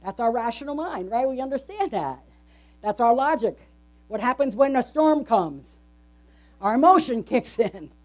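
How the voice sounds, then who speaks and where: A woman's voice: a little high, sing-song, normal speed, darkish tone. A woman pastor delivering a conversational sermon in a church, often asking the congregation questions. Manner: conversational, asks the congregation frequent rhetorical questions.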